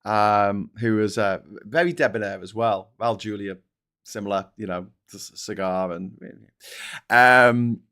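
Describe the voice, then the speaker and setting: A man's voice: lowish voice, unhurried, bright, forceful tone, clear, resonant tone. A middle-aged man hosting a live stream, chatting casually and reading viewer comments, rambling and swearing, often laughing.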